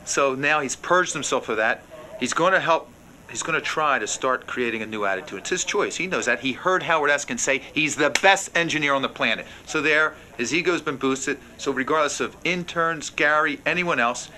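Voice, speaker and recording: A man's voice: on the high side, moderate pace, bright, forceful tone, low-quality recording. A man, a guest expert mediating on a radio show, speaking in an emphatic pep-talk manner. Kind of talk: coaching talk.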